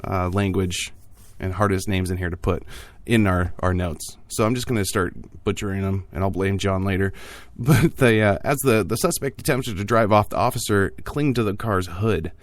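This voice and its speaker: Low-voiced man hosting a casual podcast. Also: normal speed, no room sound. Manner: jokey, offhand asides with frequent fillers. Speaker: podcast host. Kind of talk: casual tech news podcast.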